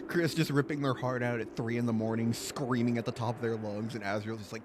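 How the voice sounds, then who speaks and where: A man's voice: mid-range voice, fairly even intonation, moderate pace, pauses often, background noise. A young man streaming a game, chatting casually, laughing often and swearing. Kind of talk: let's play commentary.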